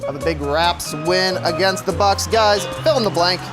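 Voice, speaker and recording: A man's voice: sits high, moderate pace, music in the background. A man presenting scripted segment setups on a sports talk show with punchy delivery.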